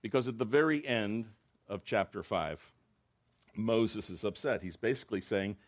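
Man, pastor, sermon, lowish voice, conversational, dramatized quotes. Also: moderate pace. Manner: conversational, acts out quotes with rising emotion.

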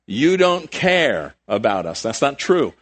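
Middle-aged male pastor, conversational sermon, mid-pitched voice with animated rises and hushed drops. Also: takes it slowly.

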